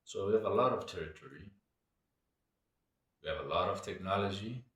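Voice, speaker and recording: Low-voiced guy w a rambling thoughtfully, sounds far off in a roomy space. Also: expressive, moderate pace, a bit bright. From Botswana. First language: Setswana. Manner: reflective, meandering. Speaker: cultural commentator. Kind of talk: casual monologue. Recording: echoey room, away from mic.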